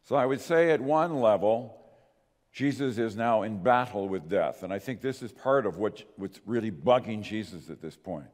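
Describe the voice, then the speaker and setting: A male pastor delivering a sermon, earnest and emphatic, swinging between raised stresses and quiet drops. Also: fairly low pitch, lively intonation, normal speed. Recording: long hall reverb.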